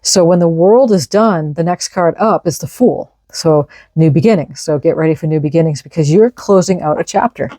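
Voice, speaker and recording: A woman's voice: low-pitched, normal speed, hardly any pauses, dark tone, no room sound. A woman giving an enthusiastic, casual tarot reading, reading out card messages and explaining them. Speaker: tarot reader.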